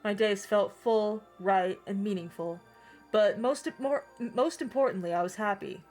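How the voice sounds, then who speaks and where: A woman's voice: mid-range voice, normal speed, a little mellow, faint music behind. A woman streaming a game, casually chatting and reading its text aloud, laughing easily and swearing when annoyed.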